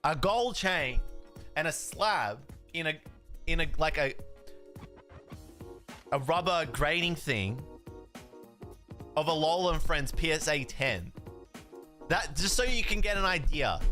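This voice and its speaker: A man's voice: fairly high pitch, takes it slowly, long pauses, faint music behind. A man, a card streamer, telling a story in a casual way, acting out the dialogue and swearing now and then. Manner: animated, swears, laughs, acts out dialogue.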